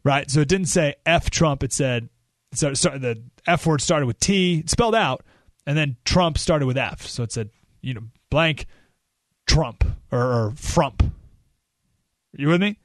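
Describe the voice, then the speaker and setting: A male radio talk show host tells a story at a measured pace, his delivery lively and his voice slightly high. When he acts out quotes, his pitch jumps sharply. The studio mic sounds close and dry, with no room echo.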